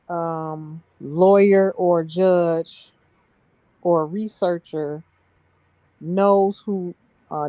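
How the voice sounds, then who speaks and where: A woman's voice: fairly low pitch, mellow, no room sound. A woman telling a story on a live stream in an emphatic, heated way, laughing between points.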